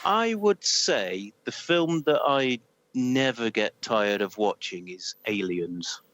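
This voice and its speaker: A man's voice: mid-range voice, expressive, fairly bright tone. A man with a northern English accent from Manchester, a game reviewer chatting hesitantly and with self-deprecating jokes as a podcast guest. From Greater Manchester, England. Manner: hesitant, self-deprecating, joking, many pauses and fillers. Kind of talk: casual podcast chat.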